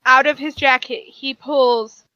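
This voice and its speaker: A woman narrating as game master of a tabletop game, explaining rulings in a halting, plain way. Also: high voice, steady tone, bright, forceful tone, lo-fi sound.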